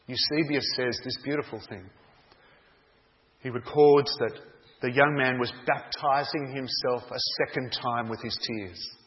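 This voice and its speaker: A man preaching a sermon, telling a story in a dramatic, deliberate way. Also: medium pitch. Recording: dull echoey hall sound.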